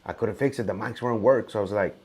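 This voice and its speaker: A man's voice: fairly low pitch, quick pace, a little mellow, slightly rough. Casual male host telling a story. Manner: loose, rambling anecdote. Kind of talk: casual conversation.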